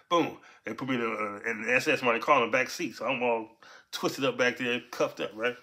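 A man casually telling a story from his past in street slang, punctuating it with "right?" and "so boom". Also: brisk, pushed and bright. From Los Angeles.

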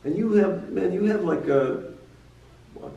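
A man's voice: sits high, unhurried, creaky, highs cut off. A man hosting a casual interview, mostly giving short encouraging replies. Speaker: host. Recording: roomy, distant from the mic.

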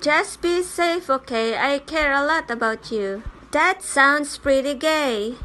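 A woman with a high voice performs a fan dub of a comic, taking every part herself. She moves from one character to the next in short exchanges and keeps an unhurried pace. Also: bright, forceful tone, slight background noise. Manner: switches between many comic characters in quick bits of dialogue.

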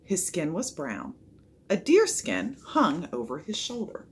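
A woman reading a children's chapter book aloud, expressive and voicing the characters. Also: lowish voice, a little slow, slightly rough. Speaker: storybook reader.

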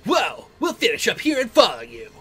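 A man putting on a drawling, husky war commander. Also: sits high, wildly swooping pitch, moderate pace, bright, forceful tone, pitched above the performer's own voice, heavily acted. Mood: commanding. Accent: put-on southern drawl. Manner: reading game dialogue aloud in a voice. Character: drawling male war commander, confident and brisk.

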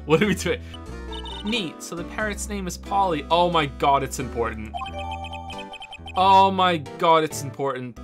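A man streaming a game and commenting casually, rambling into excited asides and swearing freely. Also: a little high, unhurried, pauses often, over music. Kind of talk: casual live gameplay commentary.

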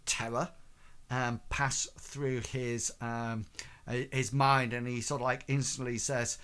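A man's voice: medium pitch, level tone, slow, a bit bright, clear, resonant tone. A man narrating as game master in a tabletop game, hesitant and full of fillers.

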